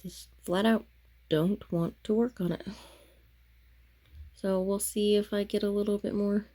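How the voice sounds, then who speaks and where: A woman's voice: mid-range voice, fairly even intonation, unhurried, dark tone. A tired woman chatting casually to the camera late at night about her stitching, rambling and losing her words. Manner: rambling, self-interrupting, chatty. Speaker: craft vlogger.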